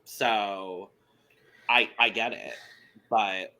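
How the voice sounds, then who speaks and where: Bright-voiced man co-hosting a podcast. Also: on the low side, steady tone. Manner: candid, chatty, quick to agree. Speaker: podcast co-host. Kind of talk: casual podcast chat.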